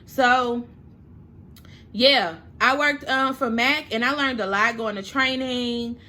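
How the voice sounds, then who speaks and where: A woman's voice: on the high side, takes it slowly, sharp tone. A young woman, chatting casually through a storytime while doing her makeup, emotional and at times close to tears. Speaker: makeup vlogger.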